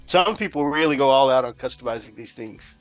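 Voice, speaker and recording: A man's voice: medium pitch, lively intonation, brisk. Regular guy cohost reading chat n teasing, medium voice, little music in back. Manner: reads out chat comments, teasing. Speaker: podcast co-host. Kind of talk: casual livestream chat.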